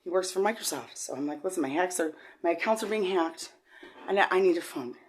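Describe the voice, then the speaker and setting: Brief: middle-aged woman, lowish voice, emotional testimony, stumbling and repeating words. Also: expressive. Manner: rambling, halting, with many repeated words; shifts from low and quiet to loud and high when agitated. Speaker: vlogger.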